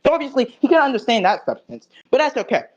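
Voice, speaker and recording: A man's voice: sing-song, quick pace, dull audio. Cocky, profane man lecturing on logic. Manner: swings between loud bursts and low mutters. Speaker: online debater. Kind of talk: heated debate recap.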